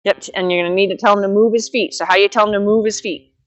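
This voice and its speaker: A woman horsemanship instructor coaching a student live, giving steady directions and quick repeated praise. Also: medium pitch, no room sound, lo-fi sound.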